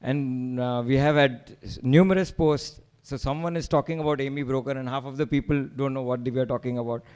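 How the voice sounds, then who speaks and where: A man's voice: medium pitch, steady tone, fairly quick, hardly any pauses, darkish tone, smooth. A man with an Indian accent giving an emphatic slide presentation to a meetup, rallying the audience with rhetorical questions.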